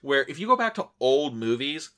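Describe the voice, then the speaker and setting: A man's voice: mid-range voice, big pitch swings, normal speed, sharp tone. Male podcast host, casual and profane. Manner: casual and profane, retelling scenes with playful impressions. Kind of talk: casual film podcast chat.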